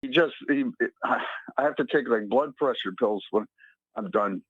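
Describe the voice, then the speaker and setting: A man calling in to a talk radio show, fired up and talking fast, heard over a phone line. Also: mid-range voice, breathy edge, no room sound. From San Diego area. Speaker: caller. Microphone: telephone.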